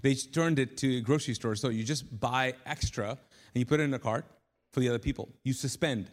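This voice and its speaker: Chatty pastor in a reverberant church hall. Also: male voice, medium pitch, brisk. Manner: conversational, chatty, frequent restarts. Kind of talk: sermon. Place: live church auditorium.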